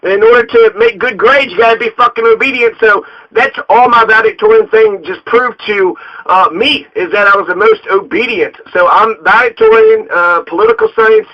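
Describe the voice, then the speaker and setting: A man from Colorado launches into a heated political rant, swearing freely as he talks. His voice sits high for a man, and the recording sounds dull and lo-fi. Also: moderate pace. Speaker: local political candidate.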